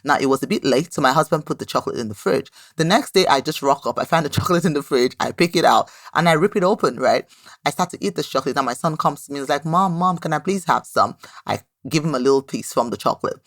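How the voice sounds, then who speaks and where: Woman in her 30s doing a motivational podcast, lively storyteller, keeps saying "right?", dry close sound. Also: rumbling low, fast, dry recording. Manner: lively storytelling, often adds a questioning "right?". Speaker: podcast host. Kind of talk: motivational talk.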